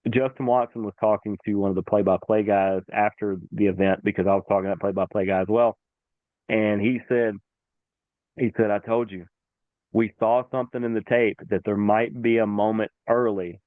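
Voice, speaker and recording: A man hosting a combat sports show, retelling a fight in a casual, animated way and acting out what the referee said. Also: medium pitch, a little slow, dry recording, phone-quality sound. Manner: animated storytelling, acts out the referee. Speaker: podcast host.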